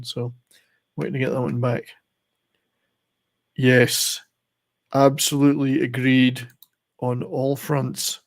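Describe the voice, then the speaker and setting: An older man talks through a relaxed live stream in a meandering, chatty way, often chuckling at his own jokes. His voice sits at an ordinary middle pitch with a gravelly, creaky edge. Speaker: channel host. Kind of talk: casual live-stream chat.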